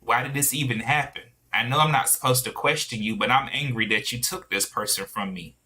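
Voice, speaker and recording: A man speaking sincerely and in a measured way on a church panel discussion. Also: medium pitch, pushed and bright.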